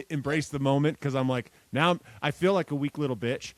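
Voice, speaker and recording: A man co-hosting a podcast in casual chat, animated and self-mocking, swearing casually. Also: on the high side, brisk, dry recording. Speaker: podcast co-host.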